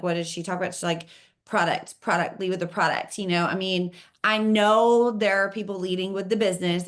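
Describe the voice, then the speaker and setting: A woman hosts a team training call in a casual, chatty way, full of enthusiasm. She talks straight to the group at a middle pitch. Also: fairly bright tone. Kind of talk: casual coaching chat.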